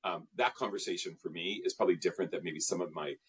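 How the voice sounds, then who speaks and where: A man's voice: low voice, quick pace, husky. A man as an interview guest, talking about his work in an earnest, reflective way, with frequent fillers. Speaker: guest, emotional intelligence trainer. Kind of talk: interview conversation.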